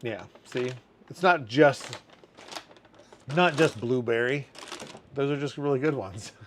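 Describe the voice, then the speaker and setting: A man's voice: mid-range voice, takes it slowly, slight background noise. A man in his thirties hosting a casual livestream chat, reading viewer comments aloud and laughing often. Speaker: community manager hosting a livestream.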